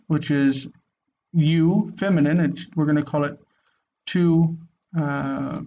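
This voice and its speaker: A man with a somewhat high voice teaches an online grammar class. He explains step by step in an easygoing way, with ums and restarts. The audio is dull and lo-fi, like a computer mic on a video call. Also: fairly even intonation, slow pace, pauses often, mellow. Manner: casual, explains step by step with fillers.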